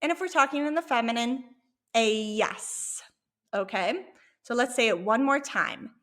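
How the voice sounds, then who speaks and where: A woman's voice: fairly high pitch, unhurried, a bit bright. Upbeat woman teaching a lesson. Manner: encouraging, repeats words for learners to echo. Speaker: Spanish teacher. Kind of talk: online language lesson.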